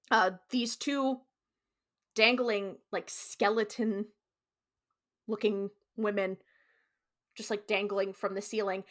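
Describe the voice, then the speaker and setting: A woman co-hosting a casual podcast and recapping an episode scene by scene. Her voice is bright and ringing, and her pitch sits in the middle of the usual range. She talks in a loose, animated way, full of "like" fillers and quick switches into quoted lines. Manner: animated storyteller, slips into quoted character voices; frequent "like" fillers, casual swearing. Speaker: podcast co-host.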